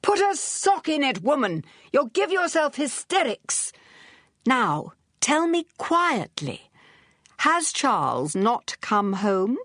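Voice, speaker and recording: A woman voicing a brisk, witty young society woman detective with a crisp, commanding manner in an audiobook. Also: mid-range voice, lively intonation, no room sound, studio quality, pitched above the performer's own voice, close to an everyday voice.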